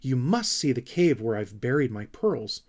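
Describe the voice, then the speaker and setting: Man doing an eager young troll creature, excitable, animated. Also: mid-range voice, normal speed, natural voice. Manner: enthusiastic, excitable.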